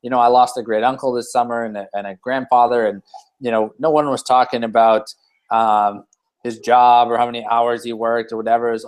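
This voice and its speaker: Man in midrange pitch, casual motivational host, rambling and full of restarts. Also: steady tone, fairly quick, clean tone. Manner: rambling, many fillers and restarts. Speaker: team leader hosting a weekly hangout.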